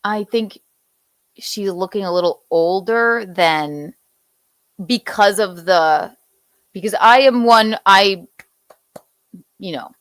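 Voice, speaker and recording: A woman's voice: medium pitch, takes it slowly, long pauses, dry recording. A woman from the American South hosting a casual pop-culture chat, loose and gossipy, often laughing. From Southern United States. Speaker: podcast host.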